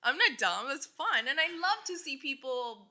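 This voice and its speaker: A middle-aged woman from Hialeah with a South Florida Miami accent, a radio personality chatting as a podcast guest, quick and animated and swearing freely. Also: sits high, crowd noise. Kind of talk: casual interview chat.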